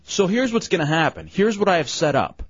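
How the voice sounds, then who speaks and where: A man's voice: sits high, very animated, brisk, breathy edge, no room sound. A man hosting a radio show, joking with his crew and callers, laughing easily and reading out the phone number. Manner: playful, laughs often, reads phone numbers. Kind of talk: casual morning-show banter. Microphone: studio microphone. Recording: dull lo-fi radio studio broadcast.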